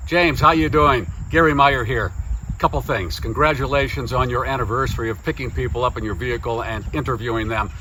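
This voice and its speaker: A man's voice: medium pitch, fairly quick, sharp tone, slight background noise. A man recording a playful congratulatory message, full of jokes and bits of a comic skit. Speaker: guest sending a recorded message.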